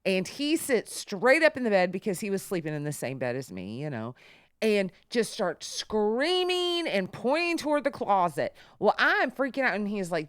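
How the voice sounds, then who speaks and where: A middle-aged woman co-hosting a podcast, telling stories in a casual, animated way and jumping up high when she quotes others. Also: normal speed, no echo, studio quality. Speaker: podcast co-host. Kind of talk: casual storytelling chat.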